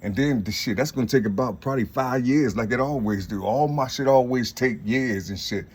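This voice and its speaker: Husky middle-aged man, profane rambling vlog monologue, loud brags sliding into low mutters. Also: brisk. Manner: profane, repetitive, swings from loud boasting to low mumbling. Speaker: vlogger. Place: outdoors among trees.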